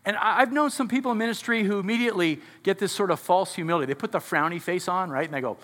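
A man's voice: sits high, quick pace, hardly any pauses, a bit bright, big-room sound. A male pastor preaching a sermon to his congregation in a conversational way, often asking them questions. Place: church sanctuary before a congregation.

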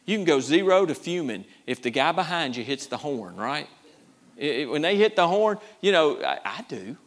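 A man preaching a sermon, repeating himself and swinging between loud bursts and quiet asides. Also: on the high side, sing-song, moderate pace.

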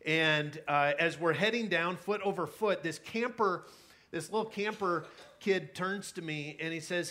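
Bright-voiced man preaching a sermon. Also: fairly high pitch, measured pace. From California. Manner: conversational storytelling with many fillers and restarts. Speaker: pastor.

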